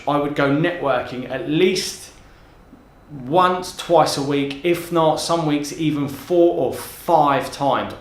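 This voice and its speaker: A man's voice: a little high, echoey room. A man giving coaching advice straight to camera, talking with energy and emphasis, often repeating words as he goes. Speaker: transformational coach.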